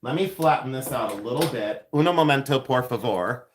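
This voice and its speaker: A man's voice: medium pitch, animated, a little fast, heavy background noise. A man working as a silversmith, chatting playfully with his livestream audience and laughing often as he demonstrates in his jewelry studio. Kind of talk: livestream demo with chat.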